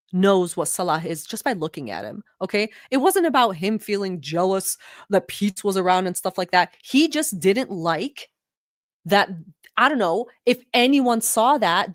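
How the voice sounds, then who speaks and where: A woman's voice: medium pitch, no room sound, studio quality. A woman from the Middle East hosting a casual reaction video, with blunt, profane commentary and frequent laughing asides. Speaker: reaction vlogger host.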